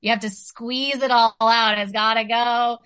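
A woman's voice: fairly high pitch, fairly even intonation, measured pace, pushed and bright, clean tone. A woman talking earnestly in a casual spiritual chat, full of "you know" and "like".

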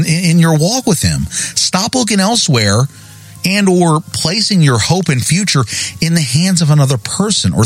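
A man with a voice on the high side hosts a devotional podcast sermon, reading verses aloud. He is emphatic, pressing listeners with pointed, repeated questions and repeating key phrases. The recording is dry.

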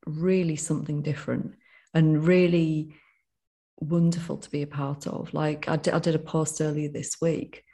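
A woman's voice: low-pitched, flat delivery, moderate pace, slightly rough. A woman from the UK, a recovery coach co-hosting a podcast, talking in a heartfelt casual way. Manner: warm, heartfelt, emotional. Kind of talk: casual chat.

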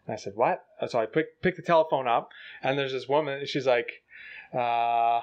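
Animated male co-host, casual storyteller, slightly muffled recording. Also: medium pitch, fast talker. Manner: animated, acts out voices in quotes. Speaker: co-host telling a travel story. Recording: slightly dull lo-fi audio.

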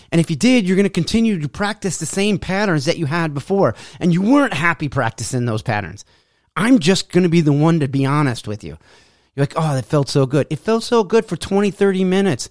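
A man's voice: sits high, no room sound, clean studio sound. Blunt, preachy male fitness coach. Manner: blunt, preachy, mocks excuses in quoted voices. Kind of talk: motivational monologue.

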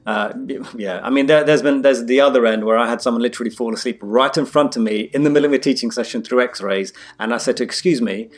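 A man's voice: mid-range voice, fast talker, few pauses, soft background music. A man, a doctor, telling a work anecdote in casual chat and acting out the voices of the people in it. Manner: animated, acts out quoted voices. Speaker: doctor, podcast co-host.

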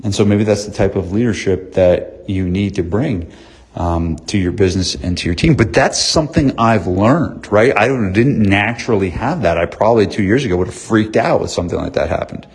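A man in his thirties who owns a gym, giving an earnest motivational talk on leadership and staying calm, repeating points for emphasis. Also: on the low side, a little fast, husky. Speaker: gym owner and business coach.

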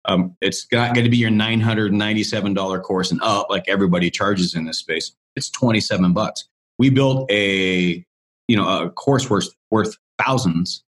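Appearing as a guest coach in an interview, a man with a somewhat low, fairly bright voice tells his story at normal speed. He wanders and restarts often, friendly and talkative, keeping things loose and peppered with "you know."

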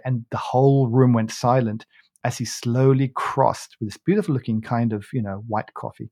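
With a warm mid-range voice, fairly even intonation, and a brisk pace, this coffee podcast host is recorded in studio quality with no room sound. He tells a long anecdote in a loose, rambling style, restarting frequently and laughing throughout the casual chat.

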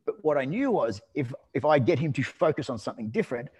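A man telling a story in a relaxed conversational way, rambling with restarts and fillers. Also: medium pitch, quick pace, breathy edge. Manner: lively and amused when telling anecdotes.

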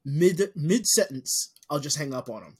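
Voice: mid-range voice, expressive, measured pace, husky. A podcast co-host chatting casually, cursing and jumping in with asides. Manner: casual, swears, jumps in with asides.

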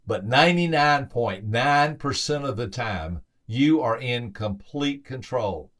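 A man's voice: medium pitch, slow. Male motivational podcast host, mid-range voice; emphatic storyteller who repeats phrases and livens up his quoted lines. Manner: acts out quoted voices with lively lifts.

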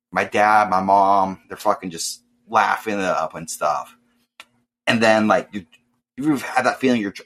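A young man telling a casual, profane story and acting out loud voices. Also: lowish voice. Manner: swears often, acts out voices loudly.

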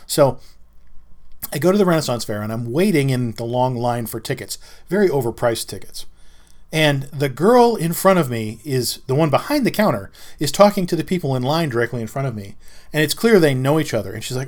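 In a mid-range, slightly mellow voice, this middle-aged man hosts a podcast and talks a little fast and expressively. His storytelling is a casual, wry, rambling monologue that keeps circling back on itself.

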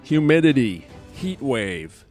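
A man's voice: mid-range voice, big pitch swings, takes it slowly, darkish tone, faint music behind. Folksy, emphatic man hosting a podcast. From American Midwest. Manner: folksy, emphatic, frequent "uh" fillers. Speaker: podcast host. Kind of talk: news commentary podcast.

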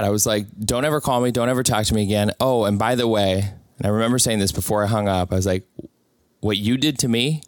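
Lower-voiced man telling a personal story. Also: dry recording, clean studio sound. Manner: earnest, reflective, quotes others in his own voice.

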